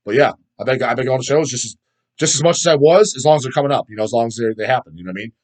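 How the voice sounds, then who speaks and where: A man's voice: mid-range voice, racing, a little mellow. A man hosting a casual metal podcast, rambling and profane, often trailing off as he searches for names while reading viewer comments. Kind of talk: casual chat.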